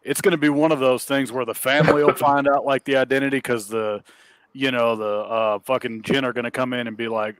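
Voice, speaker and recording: A man's voice: mid-range voice, fairly even intonation, fairly bright tone, dry recording, poor audio. A man co-hosting a podcast, chatting bluntly and profanely about a TV show. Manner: blunt, profane, quick to agree. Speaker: podcast co-host. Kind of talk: casual chat.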